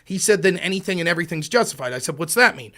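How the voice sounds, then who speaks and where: A middle-aged man hosting a political talk show, telling stories and acting out quotes with sudden jumps in pitch and volume. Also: animated, racing, sharp tone. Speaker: podcast host. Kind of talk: political commentary, storytelling.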